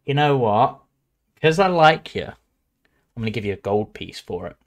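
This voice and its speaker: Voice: medium pitch, animated, normal speed. A player in a tabletop game, talking in an easygoing, chatty way. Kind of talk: casual tabletop play.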